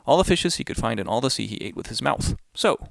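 A man reads a children's story aloud in a playful, singsong way, his voice swooping widely with a gravelly texture. He turns to the listener with little asides. The recording is close and dry. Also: mid-range voice, sing-song, fast talker, no room sound. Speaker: narrator.

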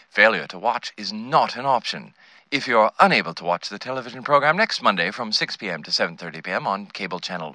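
Courteous English phone caller, voiced by a man, formal and scripted, with lively, bright delivery. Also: lowish voice, no echo, heavily acted. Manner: polite, formal, reading a script. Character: polite, scripted English male phone survey agent.

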